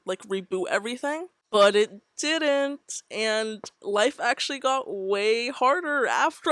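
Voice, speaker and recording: A woman's voice: medium pitch, a bit bright, dry recording. A young woman in her twenties tells a personal story straight to camera. Her delivery is loose and rambling, packed with "like" and broken by laughs. The sound is dry and close to the mic. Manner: rambling, heavy use of filler "like", frequent laughs. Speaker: vlogger. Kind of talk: casual storytelling. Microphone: decent USB mic on tripod setup.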